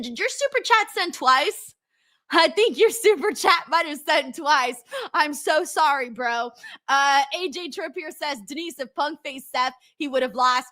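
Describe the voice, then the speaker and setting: A young woman hosting a casual livestream, chatting and reading viewer messages with lots of ums and excited bursts. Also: high-pitched. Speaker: wrestling livestream host. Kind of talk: casual livestream chat, reading super chats.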